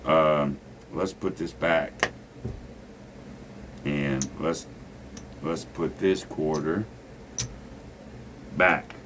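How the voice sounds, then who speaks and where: A man's voice: rumbling low, drawn-out words, long pauses, noisy background. A man teaching a casual craps lesson, blunt and preachy, swearing freely. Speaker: gambling instructor.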